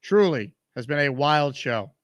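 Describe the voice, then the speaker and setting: A man's voice: on the high side, expressive, measured pace, dry recording. Man host, upbeat sports-stream read of chat comments, dry close sound. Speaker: show host. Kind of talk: live-stream sports talk, reading chat.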